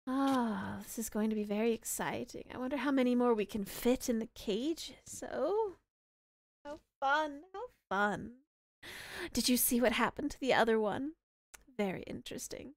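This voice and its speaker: A woman voicing a cruel, excitable hag in a tabletop game, airy and quiet. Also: a little high, moderate pace, no echo, lightly acted. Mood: gleeful. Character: eager hag sister, gleeful and cruel.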